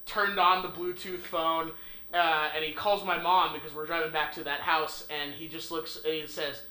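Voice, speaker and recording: A young man casually telling a funny story, animated and swearing, acting out the people in it. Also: a little high, normal speed. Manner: animated, swearing, acts out voices. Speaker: podcast host. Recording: echoey room with faint noise.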